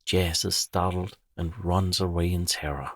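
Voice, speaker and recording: Low gravelly male storyteller. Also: no echo. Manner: calm, measured storytelling. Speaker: narrator. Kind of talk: bedtime story narration.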